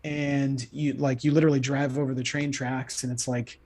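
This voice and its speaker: A young man telling a story on a podcast in an animated way, filling his talk with "like.". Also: medium pitch, normal speed. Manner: animated, lots of "like". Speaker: podcast guest. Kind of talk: casual storytelling.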